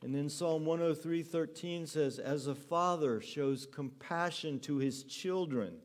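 A man's voice: fairly high pitch, a little slow. Earnest male preacher telling a story. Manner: earnest, storytelling delivery, soft and tender at times. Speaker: pastor. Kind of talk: sermon. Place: church hall with a congregation.

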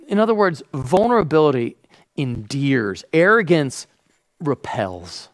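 Animated pastor, gravelly and lively. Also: male voice, mid-range voice, moderate pace, no echo, rough recording. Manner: animated preaching, acting out quotes, drops to a hush for emphasis. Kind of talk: sermon.

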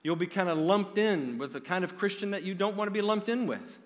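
A man gives an earnest, direct sermon, often stumbling and restarting mid-phrase. His voice sits a little high for a man. The sound trails off into a long reverb, as in a big hall. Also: brisk. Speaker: preacher.

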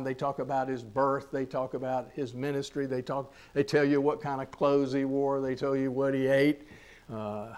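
A man preaching a sermon. He grows loud and slow when he reads scripture, drops quiet on asides, and repeats phrases for emphasis. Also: mid-range voice. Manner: slows on key lines, repeats phrases.

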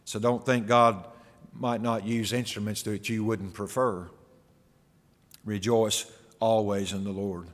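A pastor preaching a sermon, earnest and full of rhetorical questions. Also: male voice, lowish voice, little pitch movement, slow pace, long pauses. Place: church sanctuary. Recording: long hall reverb.

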